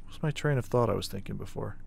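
A man with a lowish voice and vocal fry streams a horror game, talking quickly over slight background noise. His commentary is casual live-stream chatter, and he swears freely while reacting with startled exclamations.

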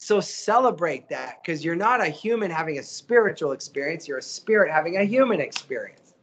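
A middle-aged voice actor chatting as a guest, animated and motivational, often acting out the quotes he tells. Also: fairly high pitch, fairly quick, slight background noise. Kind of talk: casual interview chat.

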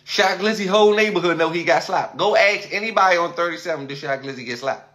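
A man talking casually to his livestream viewers, animated and rambling, repeating himself often. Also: high voice, quick pace.

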